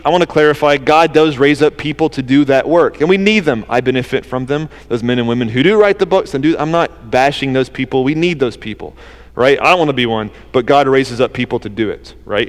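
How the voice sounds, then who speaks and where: A man with a Southern accent preaching a sermon as pastor, earnest and conversational, with quick asides and rephrasings. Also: on the high side, big-room sound.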